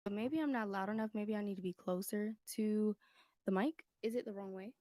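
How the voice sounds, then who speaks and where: A woman's voice: medium pitch, normal speed, no room sound. A woman doing a casual live-stream tarot reading from home, a little out of breath, rambling and laughing as she checks whether viewers can hear her. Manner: rambling, chatty, laughs often, keeps asking if heard. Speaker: livestream tarot reader. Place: home room, indoors. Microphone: phone.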